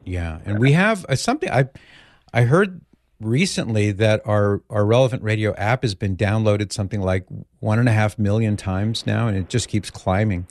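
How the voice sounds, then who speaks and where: A man hosting a call-in radio show, chatting gently with callers and leading a prayer. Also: fairly low pitch, normal speed, dry recording.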